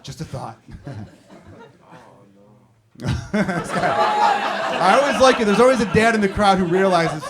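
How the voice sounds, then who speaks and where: A man's voice: high-pitched, lively intonation, slow, pauses often, heavy background noise. A man in his thirties doing a stand-up routine on a comedy club stage, talking to the crowd in a conversational, profane way. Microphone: handheld stage mic. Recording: live club, audience laughing. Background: audience laughter.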